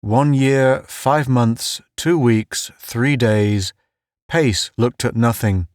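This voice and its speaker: Slow, measured male narrator. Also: mid-range voice, a little mellow, no echo, clean studio sound. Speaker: audiobook narrator. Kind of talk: scripted narration.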